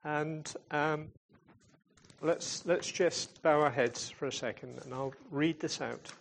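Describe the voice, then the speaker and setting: Fairly high-pitched and slow, with vocal fry and slight background noise, this man represents a charity in churches. He gives a chatty, informal talk ending in prayer, telling stories with hesitations and restarts and describing himself as a fun-loving comedian type.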